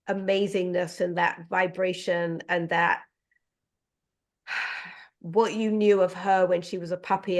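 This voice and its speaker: A middle-aged woman working as an animal communicator, speaking gently and emotionally with many fillers over a video call. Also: on the low side. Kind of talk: heartfelt casual conversation.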